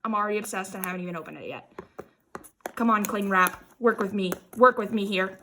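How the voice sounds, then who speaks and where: A young woman with a high, bright-sounding voice chats through a craft unboxing, gushing and excitable. She repeats her exclamations and laughs often. A faint hiss sits under the recording. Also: brisk. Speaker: crafting vlogger. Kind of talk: casual unboxing chat.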